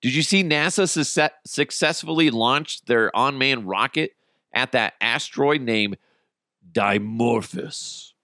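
A man's voice: mid-range voice, slow pace, sharp tone, no room sound, studio quality. A man hosting a podcast, telling stories in a casual, profane, comedic way and laughing at his own jokes. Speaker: podcast host.

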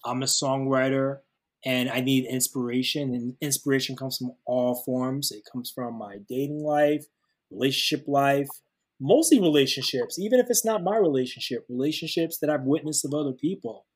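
Male guest, songwriter type, earnest and easygoing, average pitch. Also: moderate pace, slightly rough. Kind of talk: casual chat.

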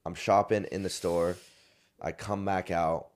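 A man's voice: low-pitched, little pitch movement, a little slow. A man from Arizona casually telling a long, slangy story in a podcast chat, often laughing as he talks.

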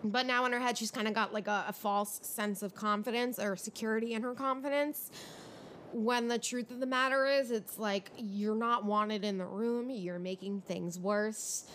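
Podcast host, young woman, slightly high voice, fired-up casual rant, faint low rumble underneath. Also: normal speed. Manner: ranting, animated, frustrated. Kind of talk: casual reality TV recap.

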